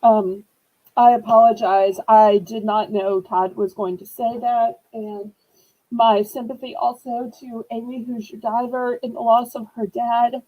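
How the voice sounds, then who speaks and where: A woman's voice: a little high, flat delivery, muffled recording. A woman from New Orleans, chatting with viewers while selling items in a live-stream auction. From New Orleans, USA. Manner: slow, sympathetic, chatty with viewers.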